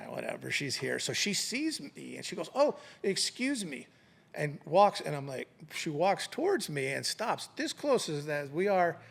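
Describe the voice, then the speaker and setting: A middle-aged man with a gravelly, somewhat high voice recounts an old work story in a relaxed interview. He slips into the voices of the people involved as he goes, and his delivery is animated and conversational. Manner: animated anecdote telling, acting out quoted voices. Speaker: retired police sergeant, guest.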